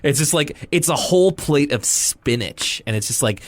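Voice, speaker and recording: A man's voice: a little high, normal speed, no echo. A young man co-hosting a podcast, casually recapping a cartoon episode with jokes and rambling asides. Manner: rambling, joking, animated quoting. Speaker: podcast co-host.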